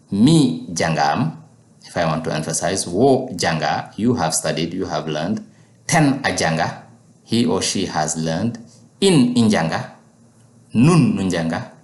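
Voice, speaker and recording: A man with a very low voice teaching a language lesson at an unhurried pace. He repeats each word patiently for his learners. The room around him sounds echoey.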